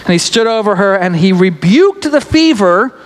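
A man's voice: high voice, very animated, moderate pace. A man preaching a casual storytelling sermon, chatty and joking, with restarts and laughs. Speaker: pastor. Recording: echoey hall reverb.

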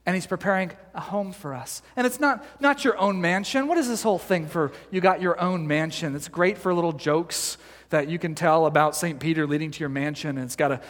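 A male pastor preaching a sermon, telling stories in an animated way with many fillers and restarts, and joking gently with the congregation. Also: on the high side, fairly quick, long reverb tail.

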